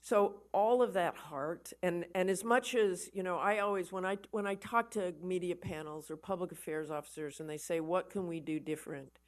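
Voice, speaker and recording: A woman giving a conversational lecture to an army audience, telling stories with animated emphasis and often repeating words as she starts a thought. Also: lowish voice, moderate pace, hardly any pauses. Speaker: guest lecturer, war correspondent. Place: lecture event for an army association.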